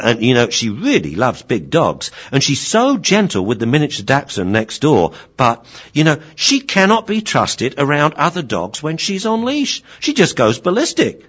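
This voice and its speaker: A man doing a fretful young dog, high and eager. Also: fairly bright tone, husky, heavily acted. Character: anxious young male dog seeking advice. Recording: dull lo-fi recording.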